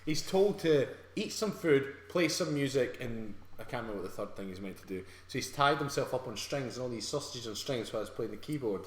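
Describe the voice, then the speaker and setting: Lively scottish guy bantering and laughing on a live stream, voice jumps all over, echoey room. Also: medium pitch, fairly quick, few pauses. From Scotland. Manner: animated, laughs a lot, teasing banter. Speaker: fitness coach co-host. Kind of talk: casual live-stream chat. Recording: roomy echo.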